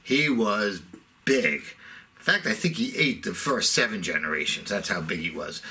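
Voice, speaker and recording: A man's voice: fairly low pitch, animated, normal speed, bright, forceful tone, husky. A middle-aged man telling a sarcastic, self-mocking comic rant. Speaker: comedic ranter.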